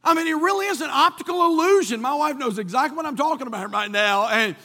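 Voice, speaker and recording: A bright, high-pitched man preaching in a church. He tells a folksy story, restarting and repeating himself often. His voice rings out with a long hall reverb behind it. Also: lively intonation, fast. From North Carolina. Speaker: pastor. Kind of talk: sermon with a personal story.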